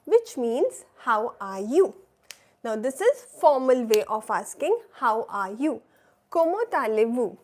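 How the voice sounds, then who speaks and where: A woman's voice: a little high, big pitch swings, takes it slowly, a little mellow. A woman teaching a live beginner French class, patiently repeating phrases for learners to echo and checking in with "right?" and "oui?". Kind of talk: live online language class.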